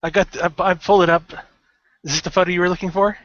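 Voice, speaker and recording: A man co-hosting, teasing his partner with quick interjections from off-mic. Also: sits high, steady tone, fairly bright tone, no echo. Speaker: co-host. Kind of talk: casual chat. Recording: dry, dull lo-fi audio from off-mic.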